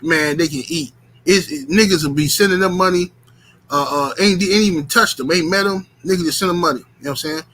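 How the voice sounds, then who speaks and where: A man casually telling a profane, rambling story to his stream chat, animated and full of filler words. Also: fairly high pitch, fairly quick, slight background noise, poor audio.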